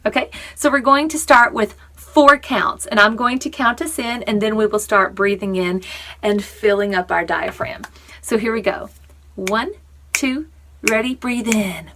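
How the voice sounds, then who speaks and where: A young adult woman teaching a vocal warm-up lesson in an upbeat coaching manner. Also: on the high side, measured pace. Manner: upbeat, coaching, demonstrates sounds. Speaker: online English teacher.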